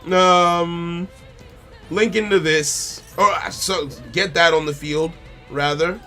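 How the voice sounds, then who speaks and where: A fairly high, bright-toned man talks through his turns in a live card game stream. He mutters his options, repeats lines over and over as he decides, and speaks straight to his opponent and viewers, with soft music underneath. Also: fairly even intonation, takes it slowly. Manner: thinks aloud, repeats phrases, talks to the opponent and chat. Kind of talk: casual live-stream commentary. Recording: faint music behind the voice.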